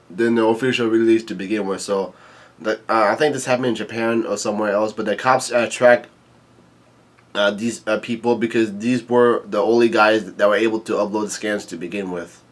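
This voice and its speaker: A man giving a casual, laid-back read-through of a comic chapter, halting with many ums, uhs and restarts. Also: lowish voice. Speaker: YouTube manga reviewer.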